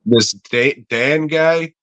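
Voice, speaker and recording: A man's voice: on the high side, very slow, a bit bright, clear, resonant tone, no room sound. A man co-hosting a comedy podcast, chatting casually in a rambling, profane way with lots of fillers. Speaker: podcast co-host.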